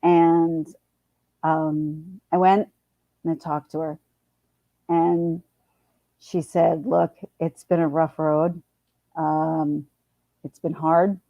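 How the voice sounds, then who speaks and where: A woman's voice: low voice, flat delivery, extremely slow, long pauses, mellow, no room sound. A middle-aged woman, chatting casually on a livestream, rambling with many restarts. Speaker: livestream host. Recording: dull, dry lo-fi sound.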